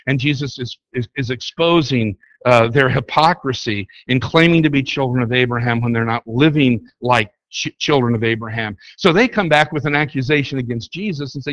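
A man's voice: mid-range voice, moderate pace, few pauses, fairly bright tone, no echo, lo-fi sound. A man teaching a Bible study lesson, explaining in an emphatic way and repeating key words to drive points home. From United States.

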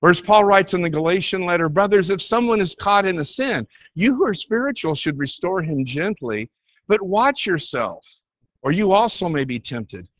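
A man preaching a sermon, reading scripture aloud and pressing each question with rising, slowing emphasis. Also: high-pitched, lively intonation, no room sound, muffled recording.

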